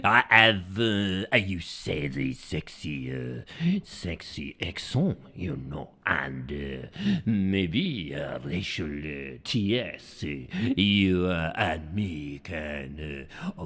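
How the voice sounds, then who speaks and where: A man voicing a suave, flirting Frenchman with a thick accent, speaking low and drawling with many hesitations. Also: a bit bright, heavily acted.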